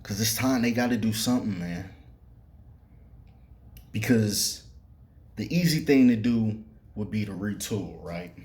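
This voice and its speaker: A man's voice: lowish voice, unhurried, pauses often, darkish tone. A man hosting a sports podcast, talking loosely and profanely with many fillers, speaking straight to the players. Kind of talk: casual sports commentary monologue.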